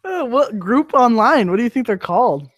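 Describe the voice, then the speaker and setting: A man's voice: extremely high pitch, lively intonation, moderate pace, no room sound, clean studio sound. A man co-hosting a casual podcast, joking and bantering with his friend. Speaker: podcast co-host.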